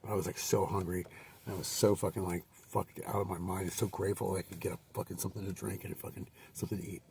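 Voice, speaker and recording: A man's voice: low-pitched, flat delivery, fast talker, creaky, darkish tone, distant mic, a little hiss or hum. A man telling a rambling, profanity-filled personal story with many fillers and restarts.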